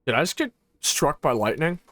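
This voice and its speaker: A woman's voice: sits low, big pitch swings, moderate pace, fairly bright tone, no echo. Casual, swearing woman game streamer. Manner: rambling, profane, full of fillers and laughs; reacts aloud to gameplay and answers chat. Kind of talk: casual gameplay livestream chat.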